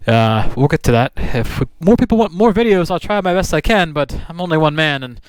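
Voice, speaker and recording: A man's voice: on the high side, lively intonation, a little fast, clean tone, no echo. A man vlogging about motorcycles in a casual, rambling chat with lots of restarts. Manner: rambling, with many restarts and fillers. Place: riding or parked outdoors on a motorcycle.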